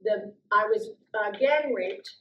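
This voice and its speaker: A middle-aged woman from the US East Coast telling a personal story in a calm, deliberate way as a guest speaker. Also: dull audio, slight background noise. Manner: slow, calm, deliberate, with soft low-voiced stretches. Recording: roomy echoey recording.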